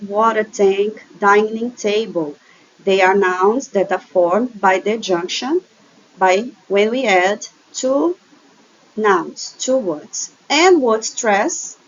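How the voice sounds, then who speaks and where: A woman's voice: on the high side, dull audio. A woman English teacher with a Brazilian Portuguese accent, patiently explaining slides in a recorded online lesson and checking in often with "okay?".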